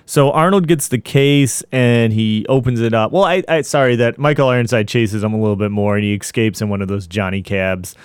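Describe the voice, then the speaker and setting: A man's voice: mid-range voice, a little fast, few pauses, clean tone, dry recording, studio quality. A man casually recapping a film in a podcast chat, rambling with lots of fillers.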